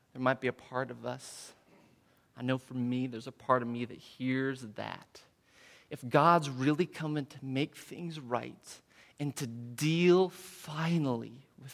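A man preaching a sermon, dropping to near whispers and rising to loud, proclaiming crescendos. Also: mid-range voice, creaky. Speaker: pastor.

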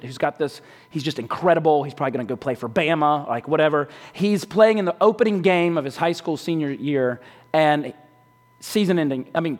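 A man preaching a sermon in a conversational way, often dropping quiet to stress a point. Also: on the high side. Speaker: pastor. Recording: long hall reverb.

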